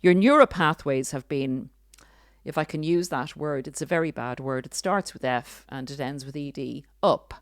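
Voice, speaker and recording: A woman hosting a podcast, speaking in earnest, deliberate commentary with occasional dry sarcasm. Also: deep voice, no room sound. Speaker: podcast host.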